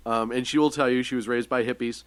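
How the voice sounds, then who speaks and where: A man's voice: mid-range voice, fairly even intonation, quick pace, smooth. Wisecracking man co-hosting a podcast. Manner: wisecracking, mock-boastful. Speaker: podcast co-host. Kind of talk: casual chat.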